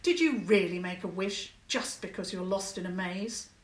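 Woman voicing a cross little boy shouting over hedges, roomy and off-mic. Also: medium pitch, recorded from a distance, natural voice. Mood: curt. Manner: calling out, brisk and cross. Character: boy, practical and a bit cross.

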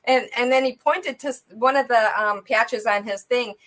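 Talk show guest, a woman with a fairly high voice; animated storyteller who acts out the dialogue, casual with lots of fillers. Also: moderate pace. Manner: animated, acts out the dialogue with big jumps in pitch and loudness; loose and conversational, with many fillers. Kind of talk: telling a personal faith story.

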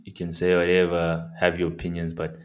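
Fairly quick and completely flat, a low male voice with a South African accent carries this casual chat. The young podcast co-host stays laid-back and slangy, with lots of swearing.

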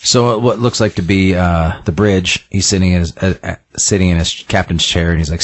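A young man hosts a casual recap, stumbling through with lots of fillers and restarts. His voice sits very low and deep. It sounds like relaxed podcast chat. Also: dry recording. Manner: halting, many fillers and repeated words. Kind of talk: casual comic book recap.

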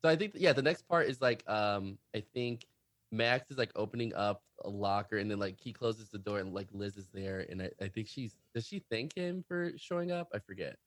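A man co-hosting a casual TV recap podcast who talks in a relaxed way, with lots of fillers and agreeing replies. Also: fairly low pitch, fairly quick, dry recording, studio quality. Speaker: podcast co-host.

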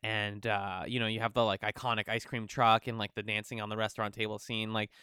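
A man's voice: lowish voice, fairly quick, smooth, no echo, studio quality. Rambling man in casual film chat. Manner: rambling, filler-heavy, animated impressions. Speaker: podcast co-host.

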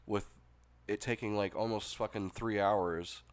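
Deep-voiced man ranting about games. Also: fairly even intonation, unhurried. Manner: exasperated ranting, heavy swearing. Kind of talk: casual chat about video games.

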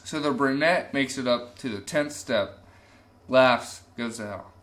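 Male podcast co-host, bright, laughs at his own jokes. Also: mid-range voice, a little slow. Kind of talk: casual joke-telling chat.

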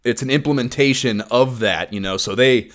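Co-hosting a laid-back gaming podcast, this man rambles on with plenty of profanity and filler words. His voice sits in the mid range, slightly bright, at a moderate pace.

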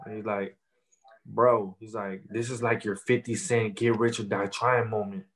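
A man's voice: on the low side, normal speed. A man in his thirties, a rapper telling stories in a casual interview, swearing a lot and repeating fillers. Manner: profane, animated storytelling with many fillers.

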